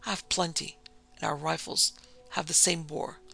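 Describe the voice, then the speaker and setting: A man's voice: on the high side, fairly even intonation, moderate pace, vocal fry, pushed and bright, faint music behind, full character voice. A man voicing a stern colonel who speaks in a terse, urgent whisper.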